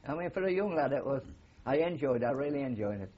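A man's voice: mid-range voice, expressive, fast talker, slightly rough, highs cut off. An older man with a Geordie accent, a war veteran telling rambling stories with many fillers in an oral history interview. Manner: rambling anecdotal storytelling with frequent fillers.

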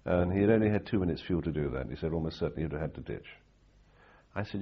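Older male interviewee, anecdotal storyteller; deep, husky voice on a slightly dull recording. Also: expressive, very fast. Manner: anecdotal, rambling with restarts and fillers. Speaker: interviewee recalling war reporting.

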